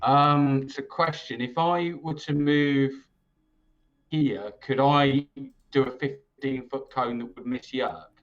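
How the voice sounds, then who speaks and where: A man playing in an online tabletop game, slow and halting as he asks about the rules. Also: mid-range voice, muffled recording. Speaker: player. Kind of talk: casual table talk during a game.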